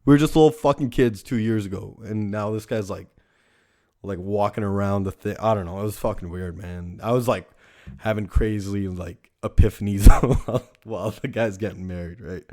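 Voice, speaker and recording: A man's voice: fairly low pitch, normal speed, a little mellow. A young man hosting a casual podcast monologue, ranting with lots of swearing and "like" fillers. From Canada. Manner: profane ranting, heavy use of "like". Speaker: podcast host.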